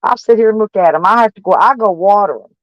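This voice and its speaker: A woman's voice: medium pitch, fast, no room sound. Older woman, blunt and profane, rambling vlog talk, muffled and dry recording. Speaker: van-life vlogger. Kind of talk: casual rambling talk to camera.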